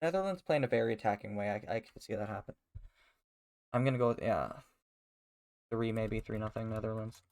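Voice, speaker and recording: A man's voice: lowish voice, brisk, gravelly, long pauses, a little mellow. A man co-hosting a casual chat over an online call, laid-back and joking as he calls each turn. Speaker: co-host.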